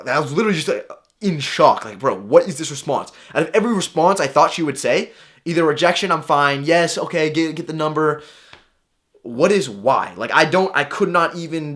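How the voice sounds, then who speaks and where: Young male vlogger with a slightly high voice, casual and animated, voices his own inner monologue. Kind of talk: casual storytelling to camera.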